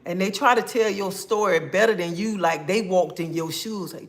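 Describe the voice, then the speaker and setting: A woman's voice: lowish voice, normal speed, hardly any pauses. A woman hosting her own livestream, greeting viewers by name and talking casually about faith and her life. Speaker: livestream host.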